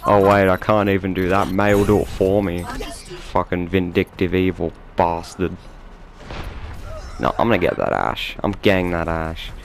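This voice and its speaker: An Australian man giving live commentary over his own game, swearing and mocking himself with sudden excited outbursts. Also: deep voice, normal speed, creaky, slight background noise. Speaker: gameplay commentator. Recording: game music loud behind voice.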